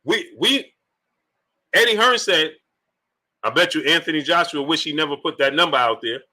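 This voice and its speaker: On the high side, bright and forceful with lively intonation, the boxing talk show host speaks at normal speed. He reads super chats on his live stream and throws one rhetorical question after another at the chat.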